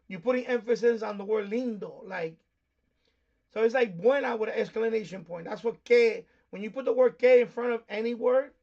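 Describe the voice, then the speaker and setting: Gravelly high-voiced New man. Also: a little mellow, dull audio. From New York, USA. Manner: rambling, explains things with many fillers. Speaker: shortwave radio live stream host. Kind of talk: casual live stream chat.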